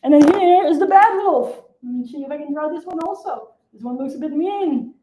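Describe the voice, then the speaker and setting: A woman's voice: high voice, lively intonation, brisk, dark tone, a little hiss or hum. A woman mentor speaking on a motivational live video, earnest and emphatic, often repeating her key phrases.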